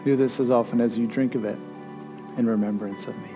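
A man's voice: medium pitch, steady tone, brisk, gravelly, music in the background. A male pastor giving a conversational sermon and leading communion, rising to emphatic peaks.

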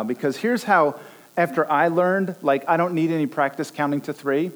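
A middle-aged man preaching a sermon, his voice sitting a little high. He tells stories with lively, animated energy and acts out small exchanges of dialogue as he goes. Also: normal speed. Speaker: pastor.

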